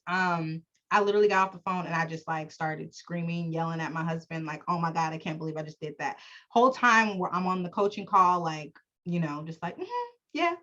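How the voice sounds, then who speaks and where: A woman coach hypes up a group over a video call, reading affirmations and cheering each one on. She talks with emphatic, animated energy at a mid pitch. The audio is slightly dull, as video call sound often is. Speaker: branding coach.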